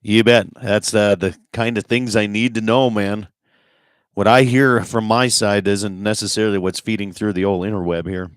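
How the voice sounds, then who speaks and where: A man hosting an outdoors radio show, chatting in a relaxed, folksy way and handling the on-air setup himself. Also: fairly low pitch, normal speed, dry recording. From Dakotas, United States. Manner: relaxed, folksy, runs the show's tech on air. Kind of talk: casual outdoors radio chat.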